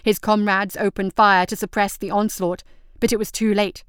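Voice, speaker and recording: Woman narrating a battle story, smooth clear voice, dry close mic. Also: medium pitch, normal speed, no echo. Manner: steady, vivid narrating voice.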